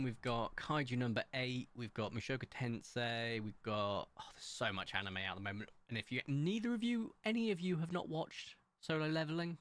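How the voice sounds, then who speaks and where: A man chats casually on a live stream, excitable and talkative, his pitch jumping up suddenly.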